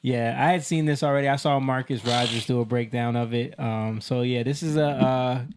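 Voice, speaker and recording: A man's voice: mid-range voice, fairly even intonation, normal speed, noisy background. A man hosting a casual podcast discussion, steering the topics and adding short agreements. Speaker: host.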